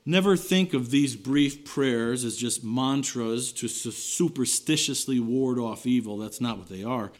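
A man preaching a sermon, earnest, rising to emphatic lines and then dropping low and quiet at the ends of phrases. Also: measured pace, hardly any pauses. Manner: earnest preaching with wide swings between raised and hushed phrases.

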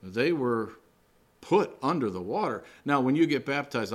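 A man preaching a sermon, teaching from Scripture and the meanings of Greek words, pressing hard on his key words. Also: moderate pace. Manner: emphatic, rising to high stressed peaks on key words. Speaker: pastor.

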